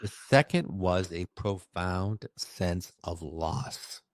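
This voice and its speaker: Animated man with a low voice, storytelling. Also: dry recording, studio quality. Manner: expressive, emphatic, with bursts of fast speech. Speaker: medium recounting his experiences.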